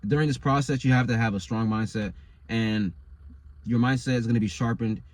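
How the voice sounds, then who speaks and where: A man's voice: mid-range voice, fairly even intonation, a little fast, no echo. A man delivering a motivational monologue as a coach, insistent and slangy, repeating his phrases over and over.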